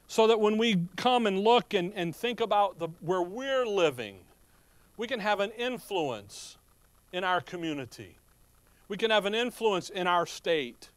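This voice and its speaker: A man's voice: sits high, a bit bright, no echo. A middle-aged male pastor preaching a sermon in a folksy manner, full of joking asides and rhetorical questions.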